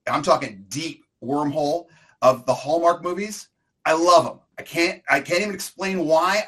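A man's voice: on the high side, bright, forceful tone. Man rambling through a comic story. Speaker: co-host. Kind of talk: casual storytelling chat.

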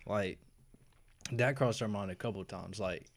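A man with a Southern US accent speaks as a podcast guest with a low, easygoing voice. He chimes in casually, adding to his partner's story. The recording is close and dry. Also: normal speed, no room sound. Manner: easygoing, chiming in with asides. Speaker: podcast guest, store co-owner. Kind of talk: casual chat.

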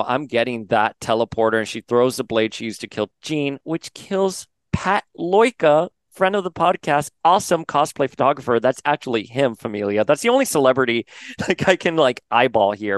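Smooth-voiced man recapping comics. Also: mid-range voice, dry recording. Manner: chatty, reads out character lines in quick paraphrase. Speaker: podcast host. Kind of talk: casual comic book recap.

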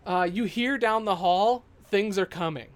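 A man's voice: high voice, a little slow, smooth. A man running a tabletop game as game master, narrating casually with swearing and fillers.

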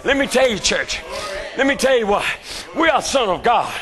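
An older man preaching a fervent sermon in a church, shouting his lines and calling out to the congregation. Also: extremely high pitch, very animated, moderate pace.

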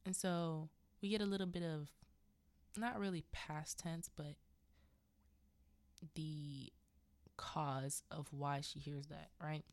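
A woman with a lowish voice hosts a casual film-recap podcast. She tells the story in an unhurried, chatty way with lively asides. The sound is dry and close to the mic. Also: no echo. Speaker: podcast host.

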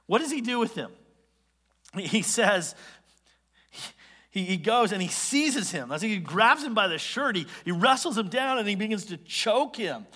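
A male pastor preaching a sermon, explaining scripture in an animated, conversational way with quick asides. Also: sits high, long reverb tail. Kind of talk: expository sermon.

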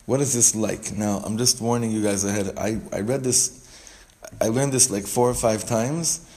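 A man's voice: lowish voice, steady tone, moderate pace, dark tone. Man teaching a casual text class. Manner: explains step by step, repeats phrases, frequent restarts.

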